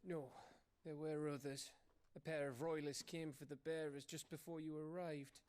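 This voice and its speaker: A man's voice: on the high side, flat delivery, normal speed, darkish tone, lightly acted. A man voicing a tired, dry-witted resistance fighter in a video game. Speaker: game character.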